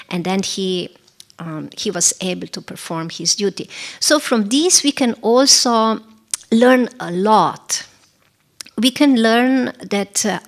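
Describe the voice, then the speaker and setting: A woman whose first language is Slovene gives a devotional scripture class at a temple, telling a story gently with frequent ums and questions to the audience. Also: mid-range voice, gravelly. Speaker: temple speaker. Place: temple center.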